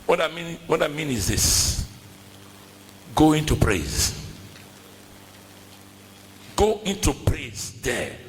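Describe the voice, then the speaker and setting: A man's voice: on the high side, very animated, slow pace, pauses often, in a large hall, a little hiss or hum, low-quality recording. A man preaching a sermon in a church with a West African accent, emphatic and repetitive, calling out to the congregation. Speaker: pastor.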